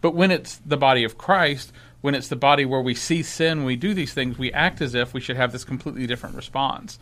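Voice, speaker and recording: A man's voice: medium pitch, fairly quick, a bit bright. A man co-hosting a church discussion podcast, thinking aloud and restarting his sentences as he searches for words. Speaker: podcast co-host.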